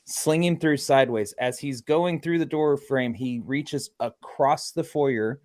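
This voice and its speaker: A man's voice: mid-range voice, a little slow, no room sound. Man telling a ghost story, dry sound. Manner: acts out quoted lines with lively energy. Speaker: paranormal investigator. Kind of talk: animated storytelling on a podcast.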